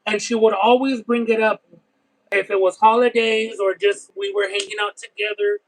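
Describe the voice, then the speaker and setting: A man's voice: high voice, fairly even intonation, normal speed, rough recording. A young man vlogger telling a candid, emotional story in a casual way, swearing freely. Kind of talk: casual storytelling on a food stream.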